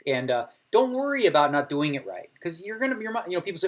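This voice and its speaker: A man's voice: high voice, big pitch swings, quick pace, hardly any pauses, crowd noise. A middle-aged man casually chatting while streaming poker, laughing often and acting out other players' table talk. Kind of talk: casual chat.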